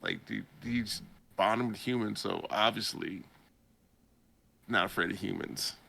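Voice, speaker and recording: In a gravelly, lowish voice that comes across pushed and bright, this podcast host speaks unhurriedly. He's a young man giving a casual, rambling recap of a story while laughing along.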